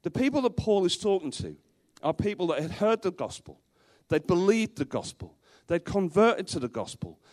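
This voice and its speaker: High-voiced man preaching emphatically. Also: sing-song, moderate pace, darkish tone. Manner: emphatic, repeats rhetorical questions. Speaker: pastor. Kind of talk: sermon. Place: church, before a congregation.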